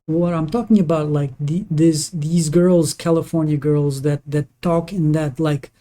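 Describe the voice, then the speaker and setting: Speaking at a medium pitch with a steady, mellow tone, a native Portuguese speaker talks casually during a live gaming stream. The delivery is halting and opinionated, full of restarts.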